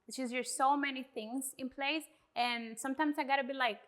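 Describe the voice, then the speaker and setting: A woman's voice: sits high, fairly even intonation, moderate pace. A woman attorney co-hosting a podcast, speaking emphatically and mixing in Spanish phrases in a casual chat.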